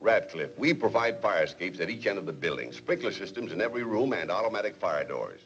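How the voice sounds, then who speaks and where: An actor playing a cautious, businesslike school board official in a 1940s film comedy, speaking in a measured, official way. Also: male voice, low-pitched, sing-song, crowd noise. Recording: muffled 1940s film soundtrack with hiss.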